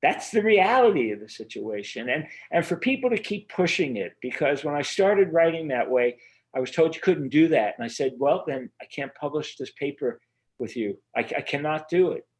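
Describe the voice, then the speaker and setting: A man being interviewed as an author speaks in an animated, fairly high voice at a moderate pace over a remote video call. It's a casual interview conversation, and he talks earnestly but rambles, full of fillers and restarts.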